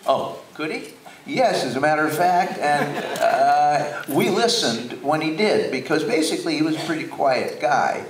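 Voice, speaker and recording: An older man telling stories slowly on stage, with many hesitations. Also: fairly high pitch, animated, far from the mic, a crowd in the background. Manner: slow, anecdotal, hesitant. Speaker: guest speaker. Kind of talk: on-stage conversation. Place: theater stage before an audience. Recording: roomy hall, mic from afar.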